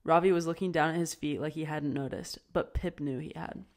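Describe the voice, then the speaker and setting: A woman narrating an amateur audiobook in a steady storytelling voice. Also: sits low, brisk. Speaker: audiobook reader.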